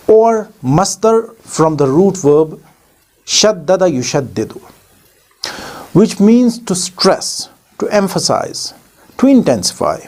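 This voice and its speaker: A man teaching Quran recitation in a deliberate voice-over, spelling out letters and sounds one by one and putting questions to the viewer. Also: a little high, darkish tone. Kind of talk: slow, deliberate instructional voice-over.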